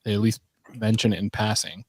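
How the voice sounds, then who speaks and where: A man's voice: lowish voice, little pitch movement, fairly quick, darkish tone, husky, no echo. A man co-hosting a casual talk show, sarcastic and profane, laughing often. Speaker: podcast co-host. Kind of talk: casual chat.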